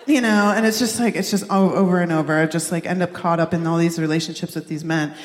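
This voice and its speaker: A woman's voice: fairly low pitch, fairly even intonation, fast talker. A woman doing a stand-up comedy set on stage in a large theater, talking in a rambling, chatty way full of "like" and "you know". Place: large live theater hall with audience. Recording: echoey live hall with long reverb.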